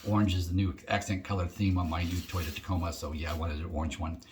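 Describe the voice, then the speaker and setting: Low-voiced rambling man unboxing. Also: little pitch movement, fast, darkish tone, a little hiss or hum. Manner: rambling, chatty, thinks aloud with many ums. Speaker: shaving vlogger. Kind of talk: casual unboxing vlog.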